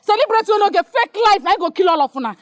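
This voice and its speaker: An actress with a Nigerian accent playing a furious woman who loudly shames a man who owes her money, shouting in Pidgin. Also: extremely high pitch, expressive, racing. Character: loud furious woman shaming a debtor in public. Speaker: businesswoman owed money. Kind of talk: Nollywood film acting.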